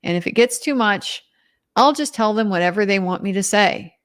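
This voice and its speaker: A woman's voice: medium pitch, lively intonation, normal speed. A young woman commenting on a trial in a casual recap, incredulous and emphatic, reading out quotes as she goes. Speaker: legal commentator.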